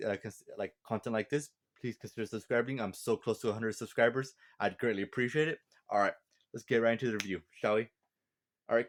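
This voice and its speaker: Laid-back man reviewing a comic chapter. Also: mid-range voice. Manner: laid-back, chuckling, loose with fillers. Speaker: manga review channel host. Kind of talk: casual spoken review.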